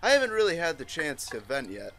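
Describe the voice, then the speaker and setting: Over loud music, a man with a fairly high-pitched voice talks fairly quickly as he plays a chat-based video game. He's a gaming YouTuber doing let's play commentary, reading the chat aloud in mock voices. He's animated throughout, often laughing and cursing.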